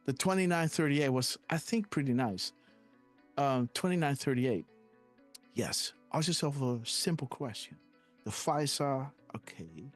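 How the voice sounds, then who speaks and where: A man's voice: medium pitch, lively intonation, measured pace, faint music behind. A man hosting a live decoding stream, rambling and hesitant, often tagging "guys, right?" onto his sentences. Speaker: host.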